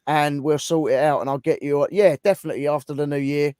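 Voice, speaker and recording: Man, livestream host, voice going hoarse, slightly high voice, dry close sound. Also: steady tone, fast, a little mellow, dry recording. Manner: cheery, thanking viewers. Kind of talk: casual livestream chat.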